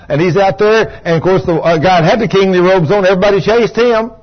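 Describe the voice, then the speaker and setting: A man's voice: sits high, brisk. An older man preaching a sermon, telling stories and acting out the voices in them. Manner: animated storytelling, acting out voices. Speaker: pastor. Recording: dull lo-fi recording.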